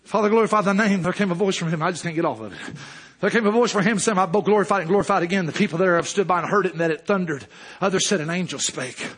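A male preacher delivering a fervent sermon, rising to shouts and dropping low again. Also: animated, rapid-fire, breathy edge.

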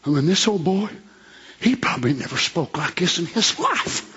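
A man preaching a fiery sermon, moving between quiet talk and shouted bursts in folksy grammar. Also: sits high, big pitch swings, normal speed, lo-fi sound.

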